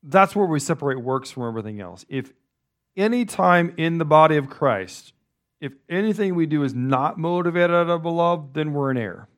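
A man's voice: on the high side, expressive, moderate pace. A male pastor giving a loose, conversational sermon, wandering through asides and restarting his sentences often.

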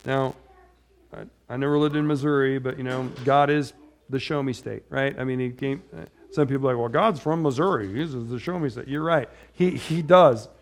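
A man's voice: mid-range voice, moderate pace, a little hiss or hum. A middle-aged man preaching a casual, conversational sermon, wandering into personal stories and often checking in with "right?". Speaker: pastor.

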